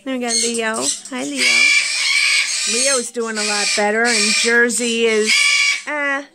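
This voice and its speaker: A woman's voice: on the high side, steady tone, slow pace, very noisy. A woman chatting casually about her pet birds at home, cooing and scolding them in baby talk. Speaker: pet bird owner and vlogger. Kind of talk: casual chat to camera and pets. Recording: loud bird screeches behind. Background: loud parrot squawks and screaming.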